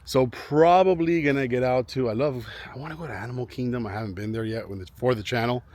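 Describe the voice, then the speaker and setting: A man's voice: medium pitch, quick pace, darkish tone. A man chatting to camera outdoors in a residential neighborhood, rambling and often repeating himself as he restarts sentences. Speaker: vlogger. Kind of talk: casual chat to camera.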